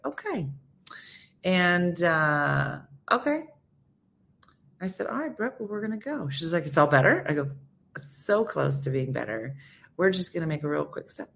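A woman hosting a morning radio show, telling stories in casual chat and acting out the quotes as she goes, often turning to listeners by name. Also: low voice. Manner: animated, acts out quotes in voices.

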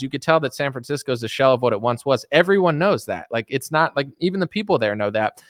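A man's voice: medium pitch, expressive, fast talker, few pauses, a bit bright, no room sound, clean studio sound. A young man chatting casually on a livestream about politics, rambling with lots of fillers and mocking impressions. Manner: rambling, many fillers, mimics others mockingly. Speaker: political commentary streamer.

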